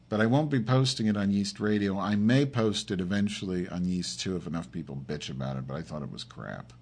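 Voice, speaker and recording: Husky, profane, rambling podcast man. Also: on the low side. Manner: profane, campy, rambling, swings from mutters to excited yelps. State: has a headache. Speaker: podcast host.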